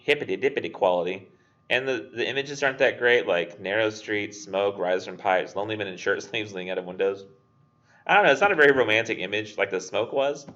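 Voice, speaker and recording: In a casual literature lecture, a young instructor with a lowish voice speaks briskly and animatedly, his tone fairly bright. He chats freely, uses lots of fillers, and dramatizes the quotes. The audio is dull.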